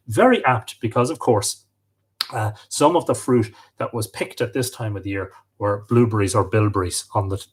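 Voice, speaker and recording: A man hosting a live stream, chatting and greeting viewers as he reads out their comments. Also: medium pitch. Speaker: host.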